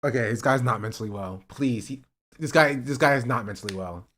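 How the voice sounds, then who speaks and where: A man's voice: mid-range voice, a little fast, a bit bright. A streamer reacting to a video clip, laughing and incredulous, talking to his chat. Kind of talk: livestream reaction commentary.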